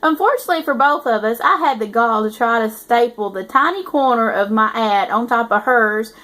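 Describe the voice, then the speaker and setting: A woman's voice: on the high side, lively intonation, brisk, fairly bright tone. Woman reading as a teasing young male narrator. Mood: amused. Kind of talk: reading a novel aloud.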